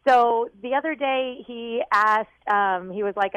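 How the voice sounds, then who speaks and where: A woman calls in to a radio show with a fairly high voice. She sounds hesitant and unsure of herself. The sound is dry. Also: measured pace, few pauses, a bit bright, smooth, no room sound, dull audio. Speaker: caller. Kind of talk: phone call to radio show.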